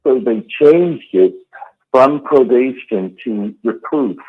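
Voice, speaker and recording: A man calls in as a guest and explains things earnestly. His voice is husky and comes through a tinny phone-line call. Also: mid-range voice, expressive, takes it slowly. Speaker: quiz contestant and guest. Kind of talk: casual storytelling.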